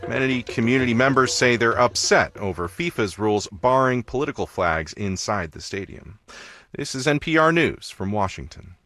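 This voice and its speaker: A male newscaster reading a radio news bulletin in a crisp, formal way. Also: medium pitch, animated, moderate pace, a bit bright.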